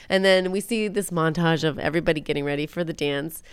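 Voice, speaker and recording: Podcast lady recapping a movie, smooth lowish voice, jokey, super dry close mic. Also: quick pace, no room sound. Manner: animated, jokey storytelling with quoted lines. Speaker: podcast host. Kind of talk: casual film recap.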